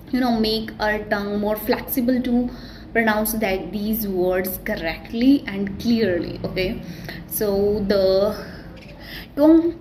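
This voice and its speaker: A woman, not a native English speaker, giving a casual self-recorded pronunciation tutorial and talking quickly with many restarts. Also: mid-range voice, darkish tone, a little hiss or hum, poor audio. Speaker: vlogger teaching English pronunciation.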